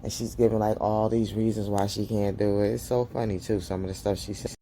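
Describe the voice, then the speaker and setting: Woman host doing a gossipy show recap, mellow tone, animated, acts out the characters. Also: a little fast, a little hiss or hum. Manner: chatty, gossipy, talks straight to viewers as "girl"; animated, acts out the characters' lines in high voices. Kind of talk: casual TV episode recap.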